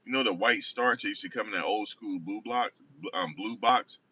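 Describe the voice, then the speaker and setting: A man's voice: lowish voice, moderate pace, sharp tone. A man casually telling a rambling personal story, often correcting himself. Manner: rambling, self-correcting, conversational. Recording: distant dull lo-fi recording.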